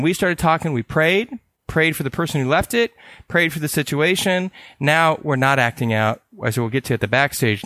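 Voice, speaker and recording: This is a middle-aged man from California, a counselor teaching in a loose, conversational way. His voice sits in an ordinary mid pitch and is recorded dry, with no room around it. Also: a bit bright, no echo. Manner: casual, acts out quoted voices in stories. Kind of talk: teaching talk with personal stories.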